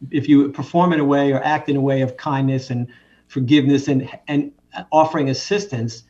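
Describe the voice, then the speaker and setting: A man's voice: mid-range voice, steady tone, brisk, a little mellow, distant mic. A man, a physician guest, telling anecdotes in a casual conversation, often breaking off and restarting his sentences. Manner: anecdotal, with frequent self-interruptions. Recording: dull, muffled lo-fi sound.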